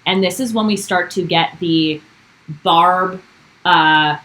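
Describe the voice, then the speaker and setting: Bright-voiced woman recapping a TV show. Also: on the low side, takes it slowly, poor audio. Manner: animated, reads quotes aloud from notes. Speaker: podcast co-host. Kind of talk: casual recap chat.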